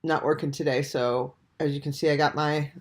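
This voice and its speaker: A vlogger in their forties, stuffed up and under the weather, talking softly to camera at home at dawn with many ums and restarts. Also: medium pitch, steady tone, moderate pace. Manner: hesitant, full of ums and restarts. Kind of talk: casual talk to camera.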